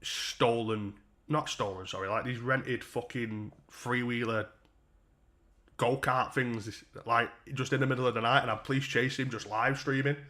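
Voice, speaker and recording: A man's voice: mid-range voice, fairly even intonation, moderate pace, sharp tone. A man hosting a live stream, talking in blunt, sweary, laddish banter while reacting to donations. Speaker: livestream host. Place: seated under a bright light indoors.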